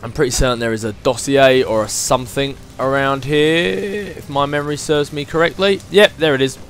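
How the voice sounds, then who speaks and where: A man chatting excitably through his let's play commentary as he plays a video game, thinking aloud as he goes. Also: mid-range voice, normal speed, soft background music. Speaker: gaming channel host.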